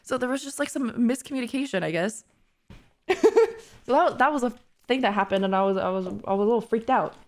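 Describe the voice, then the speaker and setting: A young adult woman streamer telling a story casually, animated and laughing often as she acts out what people said. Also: a little high, a little fast.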